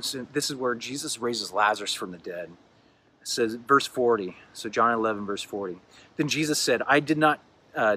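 Male pastor, casual sermon delivery, bright tone, slightly low pitch. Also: slight background noise. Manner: conversational, with filler words and restarts. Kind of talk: sermon reading scripture.

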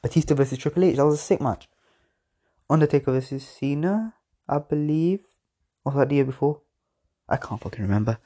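Rambling lad, casual podcast chat. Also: male voice, mid-range voice, brisk, long pauses, warm tone. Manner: rambling, slangy, swears, laughs at himself. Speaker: podcast host. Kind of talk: casual wrestling predictions chat.

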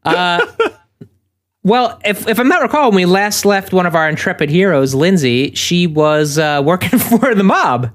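A man's voice: high-pitched, animated, unhurried. A man co-hosting a podcast, chatting casually in an easygoing, rambling way and often correcting himself mid-sentence. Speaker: podcast co-host.

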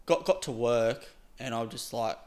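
A man's voice: mid-range voice, unhurried, darkish tone. A young man casually telling a story on a podcast, rambling with lots of "like" and frequent laughs.

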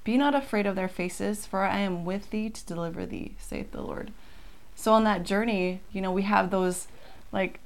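A woman co-hosting a casual scripture lesson, reading verses aloud and talking them through in a relaxed, conversational way. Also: mid-range voice, normal speed. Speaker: co-host of a scripture study.

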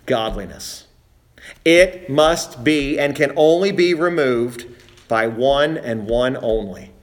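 A male pastor preaching a sermon, rising emphatically on key points and asking rhetorical questions, then slowing down to read scripture. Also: on the high side. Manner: reads scripture aloud in a slow, measured way.

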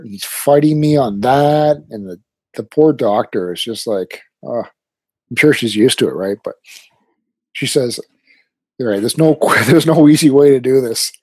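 A man in his thirties chatting casually on a podcast, telling an animated story and acting out his kids' lines. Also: mid-range voice, normal speed, slightly rough, no room sound. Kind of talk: casual chat.

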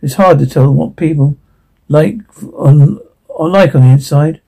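A man voicing a tender, frightened young mother who hushes her crying baby in a soft voice. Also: on the high side, a little slow, creaky, husky, full character voice. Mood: sorrowful. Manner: soft, hushing.

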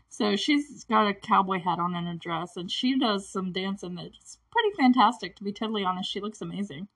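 A woman's voice: medium pitch, moderate pace, fairly bright tone. A woman casually recapping a movie plot, chatty and giggly, with constant "like" fillers. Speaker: movie reviewer. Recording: voice a bit distant from the mic.

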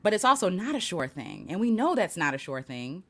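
Hosting a casual live stream, a woman thinks aloud a little fast, her pitch climbing and dipping in a lively way. She's warmly chatty and reflective, laughs easily, restarts sentences often, and reads out viewer comments along the way.

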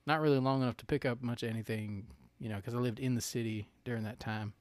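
A North Carolina man co-hosts a casual podcast, rambling with plenty of "like" and "you know" and laughing easily. His medium-pitched voice is a little mellow with fairly even intonation, he talks quickly, and the recording has no echo.

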